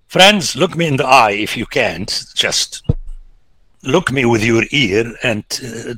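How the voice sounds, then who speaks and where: A man, a priest, giving an emphatic biblical lecture, swinging between loud exclamations and hushed whispers. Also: mid-range voice, animated, husky, no room sound. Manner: slow, deliberate, rhetorical.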